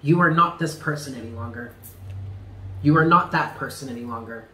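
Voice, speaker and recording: A man's voice: medium pitch, brisk, bright, forceful tone, reverberant, low-quality recording. A man giving a tarot reading, speaking earnestly and stressing points by repeating them. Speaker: tarot reader.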